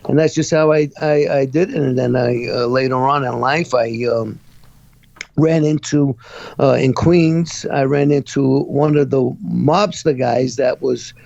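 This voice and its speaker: A middle-aged man from Brooklyn, telling his life story as a guest in a halting way with many fillers. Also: medium pitch, steady tone, gravelly, a little mellow, no echo, highs cut off. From Brooklyn, New York. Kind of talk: personal testimony in an interview.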